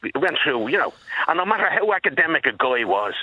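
Over a tinny phone line, a sixty-something caller with a Dublin accent tells the radio host, whom he names, a story with great emphasis. His husky voice sits on the high side, sing-song and sharp in tone, moving at a quick pace with no echo.

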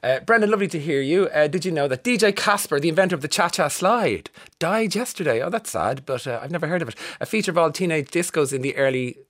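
A man's voice: on the high side, animated, fast, hardly any pauses, fairly bright tone. An Irish man in his fifties hosting a casual radio show from a studio booth, reading listener texts with jokey, self-mocking asides. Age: 50s. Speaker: radio host.

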